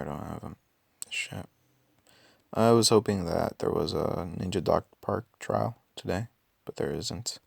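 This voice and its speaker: Raspy man, just out of bed, deep gravelly voice, dry close sound; casual game commentary, muttered calculations. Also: dry recording. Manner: thinks aloud with many ums and self-corrections. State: just woke up. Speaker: mobile game player.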